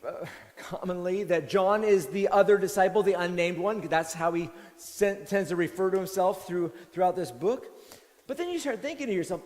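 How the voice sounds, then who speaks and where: A male pastor delivers a sermon in a loose, conversational way, often restarting his sentences. His voice sits high for a man. The sound carries the long reverb of a church hall. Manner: conversational, animated, with many restarts.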